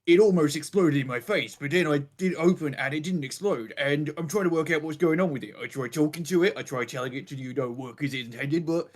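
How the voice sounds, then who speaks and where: A man's voice: on the high side, a little fast, few pauses, natural voice. A man playing a pushy customer who rambles his complaint about a faulty parasol. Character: pushy male customer demanding a refund.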